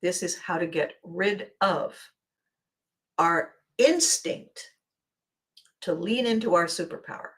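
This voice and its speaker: A woman from Canada hosting a solo motivational podcast, talking in an animated, playful way and laughing often. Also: mid-range voice. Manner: animated and playful, laughs often, acts out little quoted exchanges. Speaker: podcast host.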